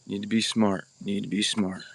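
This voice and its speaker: A chatty bowhunter hosts a casual livestream outdoors at an archery practice spot, greeting viewers by name in a blunt, informal way. His lowish voice is creaky and slightly rough, with flat delivery at a moderate pace. The sound is dry with no echo, captured on a camera or phone mic without an external microphone.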